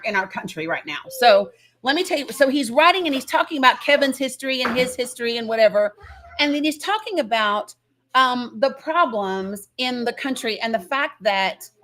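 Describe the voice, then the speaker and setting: High-voiced emphatic woman on a live stream. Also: fairly bright tone. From Northeast Tennessee. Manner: emphatic, insistent, greets chat viewers. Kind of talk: passionate political live-stream talk.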